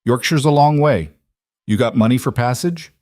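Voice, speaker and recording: Brief: man putting on a weary storybook innkeeper woman, raised pitch, flat and curt, dry close sound. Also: moderate pace, no room sound, lightly acted. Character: hard-eyed weary female innkeeper, grudging.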